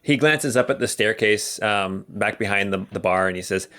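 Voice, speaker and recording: A young man narrating as game master in a tabletop game, playful and quick to laugh. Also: on the low side, fairly bright tone.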